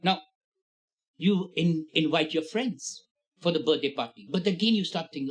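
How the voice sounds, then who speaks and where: Animated tutor, man. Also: fairly high pitch, moderate pace, low-quality recording. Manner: animated, acts out lines in shifting voices. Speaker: literature tutor. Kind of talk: explaining a play to students.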